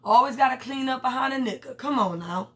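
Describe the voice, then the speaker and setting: A woman's voice: sits high, brisk, pitched above the performer's own voice, natural voice. A woman voicing a foul-mouthed, bossy woman crime boss in a retold TV scene, with exasperated, cursing delivery. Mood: scornful.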